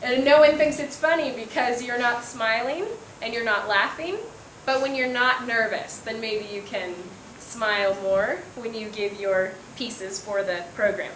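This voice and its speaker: A woman English teacher gives feedback to her class in an encouraging way, slipping in ums and small laughs. Her voice sits a little high. The room is echoey, with a faint background hum. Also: steady tone, unhurried, a bit bright.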